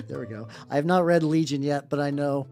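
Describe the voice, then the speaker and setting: Low-voiced woman rambling while she paints. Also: mellow. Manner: rambling, filler-heavy, greets chat viewers; blunt and opinionated, casual swearing. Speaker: streamer painting miniatures. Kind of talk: casual chat while painting. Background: faint background music.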